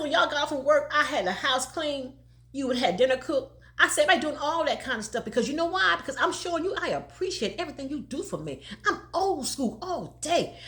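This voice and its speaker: An older woman telling a story in casual talk, laughing often as she goes. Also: high voice. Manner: animated, laughing often, country dialect.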